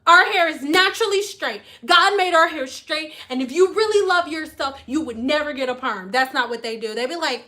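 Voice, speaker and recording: A woman vlogger telling a story in casual chat, animated and laughing, often mimicking other people's voices. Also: high voice, moderate pace, few pauses.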